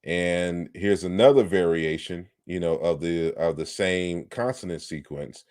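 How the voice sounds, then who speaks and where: Deep-voiced man giving a dry, close lecture. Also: unhurried, a little mellow, clear, resonant tone, no echo. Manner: explanatory, combative when challenging critics. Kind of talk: online lecture on historical linguistics.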